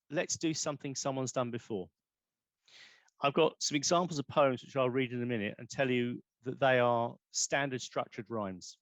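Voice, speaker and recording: A man's voice: mid-range voice, no echo. A man, poet in residence, giving a rambling, self-correcting online talk on poetry forms over a video call.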